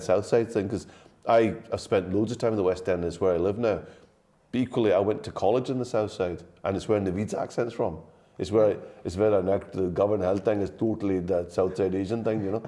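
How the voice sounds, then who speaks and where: Low, mellow Glaswegian man. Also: brisk. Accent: anglified Glaswegian. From Scotland. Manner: chatty storyteller, laughs often. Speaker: guest. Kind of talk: casual chat.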